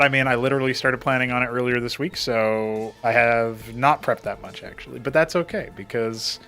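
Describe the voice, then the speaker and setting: A man's voice: mid-range voice, fairly bright tone. A man running a tabletop game session in casual, joking chat with players, laughing often. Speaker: game master. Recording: faint theme music behind.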